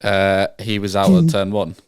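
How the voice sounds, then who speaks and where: A man's voice: fairly low pitch, lively intonation, normal speed, darkish tone, smooth, dry recording, studio quality. A man co-hosting a casual podcast chat, easygoing and laughing often. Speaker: podcast co-host.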